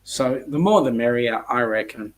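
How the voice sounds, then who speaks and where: A man's voice: mid-range voice, normal speed. A man with an Australian accent hosting a casual livestream chat, rambling with many ums and reading viewer comments aloud. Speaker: host of a cruise chat livestream.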